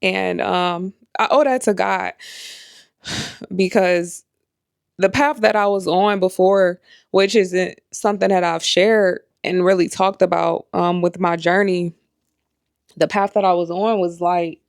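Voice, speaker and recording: A woman's voice: lowish voice, fairly even intonation, slow pace, vocal fry, smooth, dry recording, studio quality. A young adult woman talking candidly to her viewers in a casual vlog, rambling with lots of fillers. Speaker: vlogger and life coach.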